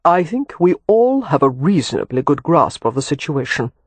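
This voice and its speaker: A man's voice: on the high side, animated, moderate pace, a little mellow, husky, no room sound. A man voicing a weary sardonic Romany man. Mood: wry. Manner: dry sarcasm, earnest when tender.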